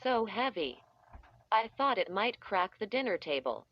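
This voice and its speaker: A woman reading a children's story aloud in a deliberate way, stretching out the sound effects, with dull, slightly muffled audio. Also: medium pitch, sing-song. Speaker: audiobook reader. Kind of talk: scripted storybook narration.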